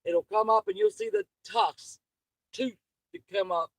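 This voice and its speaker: A woman's voice: extremely high pitch, wildly swooping pitch, unhurried, creaky, no echo, rough recording. Profane ranting woman. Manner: angry, profane, rambling. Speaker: channel host. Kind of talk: livestream rant.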